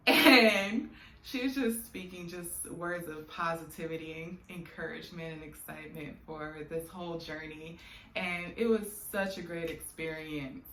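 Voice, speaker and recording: A woman's voice: on the low side, a little slow, a bit bright. A young adult woman telling a personal story in a vlog, candid and emotional, often laughing, with many fillers. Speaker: vlogger. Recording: echoey room with faint background noise.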